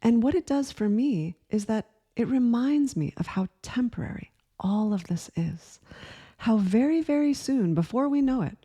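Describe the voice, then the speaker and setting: A woman in her forties speaks in a gentle, earnest way, the way a spiritual teacher talks to viewers, and often puts questions to the listener. Her voice is mellow and warm, with a soft, breathy edge. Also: fairly high pitch, animated, normal speed. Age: 40s. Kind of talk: reflective spiritual talk to camera.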